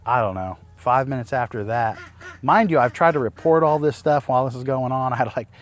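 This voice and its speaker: A man's voice: medium pitch, brisk. Rambling, exasperated homesteading vlogger man. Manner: rambling, restarts, exasperated retelling with laughs. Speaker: homesteading YouTuber. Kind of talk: casual to-camera storytelling.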